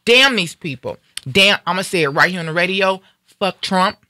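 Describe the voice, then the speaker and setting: A fired-up African American woman holds forth on a live stream, her voice bright and forceful as she drives every point home. She talks casually but with fierce, emphatic anger. The sound is dry and close to the mic. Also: fairly low pitch, expressive, moderate pace, dry recording. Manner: angry, fiery, emphatic. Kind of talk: heated casual talk.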